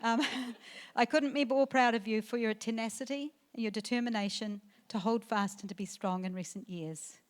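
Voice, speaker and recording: A middle-aged woman, the mother of the bride, giving a wedding reception speech into a handheld mic, emotional and halting, with fillers and restarts. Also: a little high, steady tone. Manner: emotional, tearful at times, laughing through the speech. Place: wedding reception venue, indoors.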